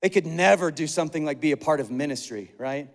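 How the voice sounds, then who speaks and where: A man preaches with a high, ringing voice, moving between easy chat and rising, repetitive emphasis. His words roll out into a large church auditorium, trailing a long hall reverb behind each phrase. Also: quick pace. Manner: energetic, conversational preaching with repeated phrases. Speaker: pastor. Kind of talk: sermon.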